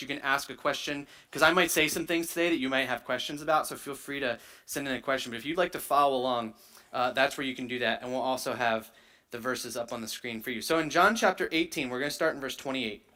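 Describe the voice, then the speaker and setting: A man's voice: mid-range voice, fast, bright, forceful tone. A man preaching a sermon, teaching in a conversational way and often checking in with "right?". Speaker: pastor.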